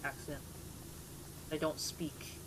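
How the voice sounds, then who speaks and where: A young woman streamer talks to her chat in a relaxed, rambling way, laughing at herself as she goes. Her voice sits a little low for a woman. A faint hiss of background noise runs under the desk mic. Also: slow. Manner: chatty, laughs at herself, greets chat warmly. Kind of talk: casual live-stream chat.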